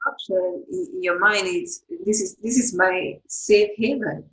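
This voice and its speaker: Host, a woman of medium pitch asking short follow-ups, her voice echoing in the room. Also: expressive, a little slow, slight background noise. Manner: brief reactions and prompting follow-up questions. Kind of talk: interview.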